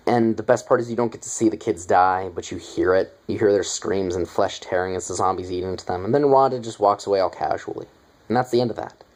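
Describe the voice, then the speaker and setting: A man's voice: sits low, darkish tone, poor audio. A young man casually retelling a movie's plot in a review, rambling with lots of fillers and offhand asides.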